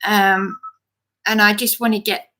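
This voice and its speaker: A woman telling her story to camera in a rushed, indignant way, restarting and repeating phrases, saying she feels ill and worn out. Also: mid-range voice, flat delivery, sharp tone. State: feeling ill and exhausted. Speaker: vlogger. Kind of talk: agitated personal account to camera.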